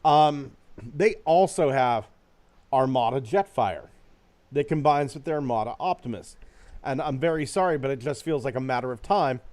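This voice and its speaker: A young man hosts a relaxed podcast chat. He wanders off topic, drops curse words without a second thought, and laughs at his own jokes. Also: medium pitch. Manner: rambling, swears freely, quick to laugh at himself. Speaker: podcast host reading viewer comments.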